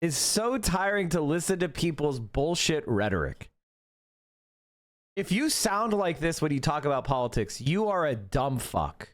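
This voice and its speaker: A man's voice: fairly high pitch, very animated, a little slow. Swearing, exasperated male streamer. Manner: exasperated, sarcastic, swears a lot. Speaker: streamer reacting to a debate video. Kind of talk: profane reaction commentary.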